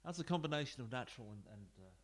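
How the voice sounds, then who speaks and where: In a rapid-fire, mid-range voice with lively intonation, a gaming YouTuber gives casual, rambling commentary on a football management game. He's at home in a room, talking to viewers with offhand asides through a desk mic into his computer.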